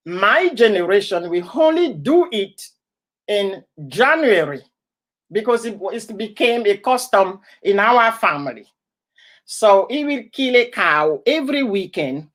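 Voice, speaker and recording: Slow-talking woman from Ivory Coast, laughing often. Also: medium pitch, fairly bright tone. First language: an Ivorian language. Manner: laughs often, greets viewers by name. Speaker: live-stream host. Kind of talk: casual live-stream chat.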